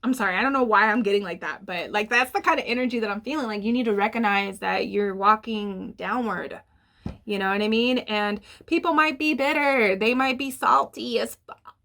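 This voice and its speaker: A young woman giving a casual tarot reading, talking in a chatty, animated way with lots of fillers and the odd swear, laughing at her own asides. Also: fairly high pitch, brisk. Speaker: tarot reader.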